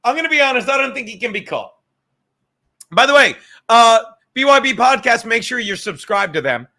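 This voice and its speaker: A man's voice: extremely high pitch, big pitch swings, moderate pace, sharp tone. A middle-aged man hosting a podcast, rambling in casual, profane chat and laughing often. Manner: rambling, profane, laughs a lot, drinking on air. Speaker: podcast host.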